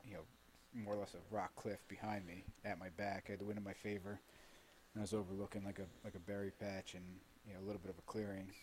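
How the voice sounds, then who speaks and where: Laughing, animated male storyteller. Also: low voice, fast, slight background noise. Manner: animated, laughing, swears freely. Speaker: podcast guest. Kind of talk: casual storytelling. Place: studio.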